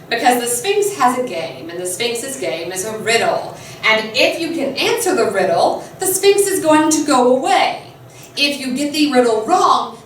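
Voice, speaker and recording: Animated woman telling a story in an echoey classroom. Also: fairly high pitch, a little hiss or hum. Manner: animated, chatty, laughs often. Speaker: teacher. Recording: echoey room, mic far off.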